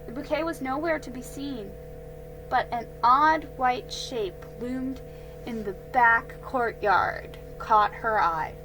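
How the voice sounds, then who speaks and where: A woman reading a children's storybook aloud, slow and careful, with small slips she corrects. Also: on the high side, over music, rough recording.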